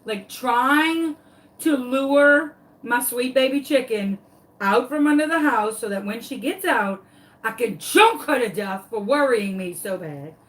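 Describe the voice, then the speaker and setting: A woman, hosting a craft tutorial and telling a story to her viewers in a dramatic, animated, casual way. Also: a little high, moderate pace.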